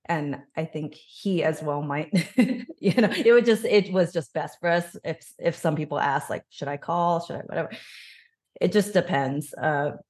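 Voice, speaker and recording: A woman's voice: low-pitched, measured pace, a little mellow. A woman in her thirties telling a personal story openly and reflectively in an interview. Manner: open, reflective, emotional storytelling. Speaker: podcast guest.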